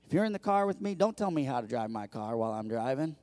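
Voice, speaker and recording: Man preaching a lively sermon. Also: mid-range voice, quick pace, no room sound. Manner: lively preaching, swinging from loud peaks to quiet asides; repeats words when building up. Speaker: pastor.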